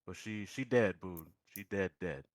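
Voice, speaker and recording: A man voicing a blunt small-town sheriff who delivers grim news in a flat, matter-of-fact folksy drawl. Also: low-pitched, a little slow, no echo. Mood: deadpan.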